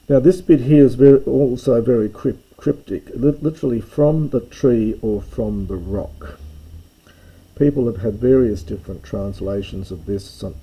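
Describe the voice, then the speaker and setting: A man teaches a close reading at an unhurried pace, thinking aloud and correcting himself as he goes. His voice sits low, with a very mellow, dark tone. A husky edge runs through it. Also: low-quality recording. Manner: thinks aloud, hesitant, with fillers and self-corrections. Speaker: classics teacher reading Greek text. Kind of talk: unscripted close-reading lesson.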